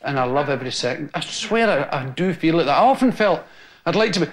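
A man's voice: a little high, lively intonation, quick pace. A Scottish man in his forties, a stand-up comedian telling stories to a live audience and laughing as he acts out the scenes. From Scotland. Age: 40s. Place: TV studio with an audience. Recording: noisy old TV recording.

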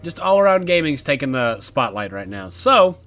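A man's voice: mid-range voice, very animated, normal speed, a bit bright, faint music behind. A man casually commentating a horror game as he plays, chatty and jokey, talking back to the characters. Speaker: gaming YouTuber. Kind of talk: casual let's-play commentary.

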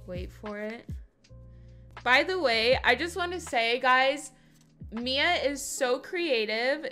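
A woman's voice: sits high, fairly bright tone. A young adult woman streaming live, chatting casually with her audience in a gushing, effusive way and swearing now and then.

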